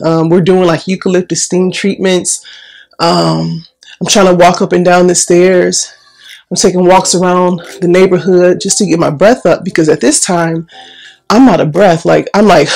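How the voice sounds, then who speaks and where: A woman telling a personal story in a chatty, animated way, acting out what people said. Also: on the low side, gravelly. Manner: chatty, animated, restarts and acts out quotes. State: recovering breath after illness. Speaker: vlogger.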